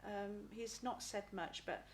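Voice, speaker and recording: A middle-aged woman giving a live spirit reading as a psychic medium. She talks haltingly, repeats words and often asks "please?". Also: medium pitch, a little hiss or hum.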